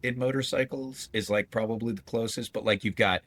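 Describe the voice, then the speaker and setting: A man on a podcast, chatting casually and telling lively stories with slang and frequent laughter. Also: mid-range voice, a little fast. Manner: animated storyteller, laughs often, slangy. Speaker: podcast co-host. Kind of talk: casual chat.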